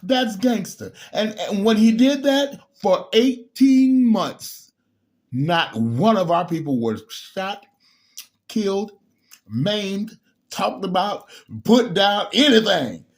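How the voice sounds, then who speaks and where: Heated, high-voiced man on a rant. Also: lively intonation, takes it slowly. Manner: heated, preachy, repeats words and restarts, sudden loud outbursts. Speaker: bishop. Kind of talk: political rant to camera.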